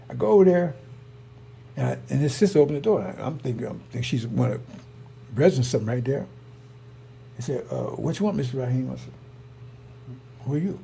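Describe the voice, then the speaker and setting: Gravelly man ranting in heated monologue. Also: mid-range voice, mellow, slight background noise. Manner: heated, repetitive, emphatic storytelling. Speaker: online preacher. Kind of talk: rambling personal monologue.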